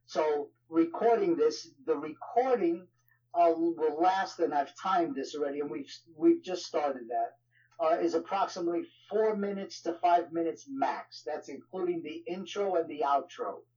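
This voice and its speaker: Over dull, lo-fi audio, a New York–accented man chats casually as an interview guest, a ministry leader who keeps dropping "you know" into his sentences. His slightly high voice has a darkish tone and moves at normal speed.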